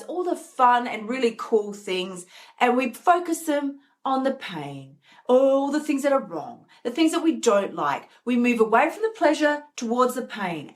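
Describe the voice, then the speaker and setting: A middle-aged woman hosting a self-help live stream, talking casually and animatedly and acting out the voices in her head. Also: a little high. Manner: animated, acts out inner voices. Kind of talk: casual motivational talk.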